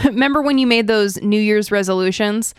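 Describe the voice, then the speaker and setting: A woman's voice: mid-range voice, normal speed, clear, resonant tone, no echo, studio quality. A woman co-hosting a podcast, chatting in an upbeat, easy way. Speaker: podcast co-host. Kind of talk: casual chat.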